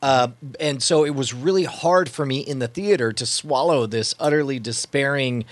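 A man's voice: mid-range voice, normal speed, dry recording. A man in a casual podcast discussion, talking thoughtfully with many restarts and fillers.

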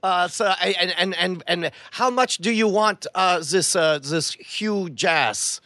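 A man's voice: high voice, takes it slowly, sharp tone, dry recording, clean studio sound, heavily acted. A man voicing a bumbling male Nazi official with a put-on German accent, stammering in broken English on a phone call. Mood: mock-menacing. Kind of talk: improvised comedy prank-call bit.

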